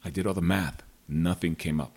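A man's voice: low voice, steady tone, fairly quick, darkish tone, husky. A man telling a personal story in a casual, rambling monologue to his viewers. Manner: rambling, digressive, frank.

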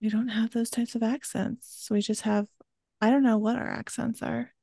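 A woman's voice: on the high side, little pitch movement, normal speed, gravelly, warm tone, no room sound, clean studio sound. A woman who grew up in Georgia and southern Maryland, co-hosting a podcast with playful, joking banter. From Georgia and southern Maryland, USA. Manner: playful, jokey, presents the research. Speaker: podcast co-host. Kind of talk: casual chat.

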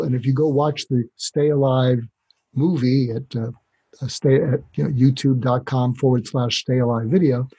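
A man speaking as a doctor guest on a podcast interview, explaining calmly and acting out short exchanges to demonstrate. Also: medium pitch, breathy edge, low-quality recording. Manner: calm, explanatory, demonstrates dialogue.

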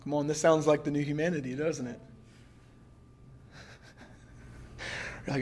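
A man preaching a casual sermon, telling a personal story in a conversational way, full of "like" and quick laughs. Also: a little high, fairly even intonation, a little mellow, slight background noise. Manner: conversational, laughing often, lots of filler "like". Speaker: pastor.

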